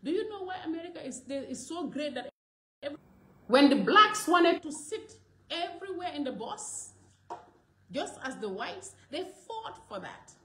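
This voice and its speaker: A woman from the Gambia, giving an impassioned monologue that often rises to loud exclamations. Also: high-pitched, very animated, moderate pace, roomy sound, a little hiss or hum. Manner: rising to loud exclamations, mixing in Wolof. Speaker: commentator from the diaspora.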